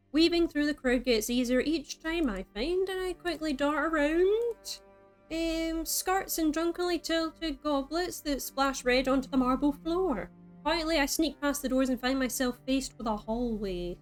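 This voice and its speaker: A woman's voice: high voice, moderate pace, soft background music. A woman reading a story game aloud as a streamer, breaking in with playful, chatty asides.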